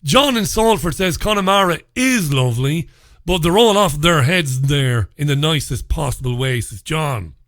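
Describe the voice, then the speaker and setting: A man's voice: a little high, animated, moderate pace, no echo, clean studio sound. A man hosting a casual radio show, greeting listeners by name, getting over a head cold. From England. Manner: chatty, warm greetings to listeners, swears mildly. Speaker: radio host.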